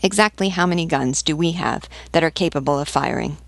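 A woman's voice: deep voice, a little fast, gravelly, no echo. A woman reading the lines of a terse male naval captain preparing for battle, in clipped questions.

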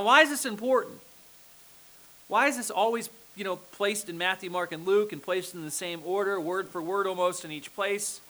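The sermon comes from a male pastor whose voice is high-pitched and bright, with a forceful tone. He talks to the congregation conversationally, often checking in with "okay?" or "right?", and the recording is rough.

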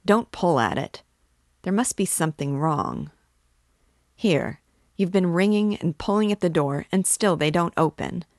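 A woman's voice: on the low side, expressive, measured pace, darkish tone, no echo, clean studio sound. A woman reading aloud, voicing an eager young male law student who talks urgently and insistently.

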